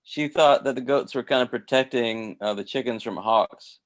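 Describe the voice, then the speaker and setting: A man's voice: mid-range voice, normal speed. A man talking casually on a video call, rambling with lots of restarts and fillers. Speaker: host.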